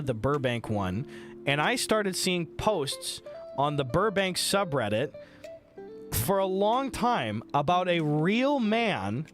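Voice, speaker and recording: A young man streaming from home into a desk microphone, telling a story in a casual, animated way, swearing often and acting out what others said. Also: fairly high pitch.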